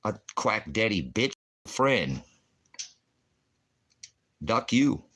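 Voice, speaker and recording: A man's voice: lowish voice, very animated, extremely slow, a bit bright. A man hosting a ministry stream, ranting in a rambling, combative way, full of puns and profanity. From Oregon, USA. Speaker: ministry host.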